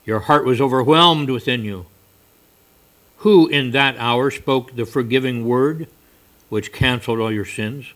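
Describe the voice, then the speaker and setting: A man voicing a meek yet majestic male stranger, the Lord, who speaks softly but sternly in pleading questions. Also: medium pitch, a little slow, natural voice.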